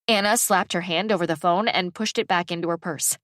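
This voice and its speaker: A woman whose voice sits on the low side narrates an audiobook from a script in an even, measured way. The studio-quality recording carries no echo.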